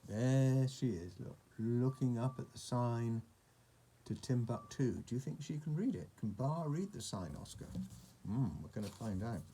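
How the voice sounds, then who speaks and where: A man reading a picture book aloud to a child, pausing to point at pictures and ask questions. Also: medium pitch, animated, a little hiss or hum. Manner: gentle asides, asking the child questions.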